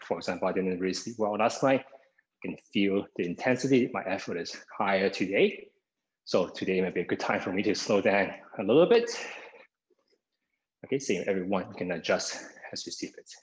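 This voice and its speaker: Man, exercise instructor, lowish voice, a bit winded, "okay" before each cue, video call. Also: poor audio. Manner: begins most cues with "okay", counts down seconds. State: somewhat out of breath. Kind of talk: live online exercise class instruction. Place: home via video call. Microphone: video call microphone.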